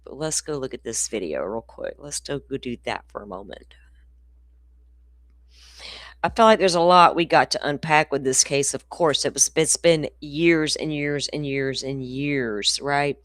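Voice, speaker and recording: A woman's voice: very deep voice, a little slow, fairly bright tone, no echo, clean studio sound. A middle-aged woman, hosting a casual true crime livestream in a rambling, profane, ranty way.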